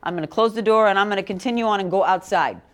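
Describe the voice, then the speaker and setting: A woman's voice: mid-range voice, very fast. A middle-aged woman teaching a classroom about infant care, talking directly and quizzing her students. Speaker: parenting educator. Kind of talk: classroom talk.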